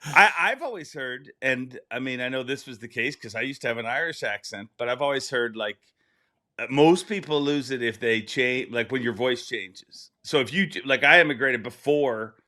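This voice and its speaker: Host: male, bright and forward tone, rambling and chatty with easy laughs. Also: medium pitch, expressive, normal speed. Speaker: podcast host. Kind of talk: casual interview chat.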